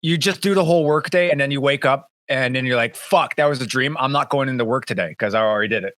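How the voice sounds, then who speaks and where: A man's voice: mid-range voice, fast, a bit bright, dry recording. A man co-hosting a podcast in casual chat, rambling and swearing, full of fillers and restarts. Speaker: podcast co-host. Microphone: webcam setup.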